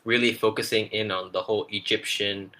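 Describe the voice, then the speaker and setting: Man, low voice, bright tone, casual rambling chat. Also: steady tone, fairly quick. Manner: rambling, lots of fillers and restarts. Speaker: podcast co-host. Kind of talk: casual trailer breakdown chat.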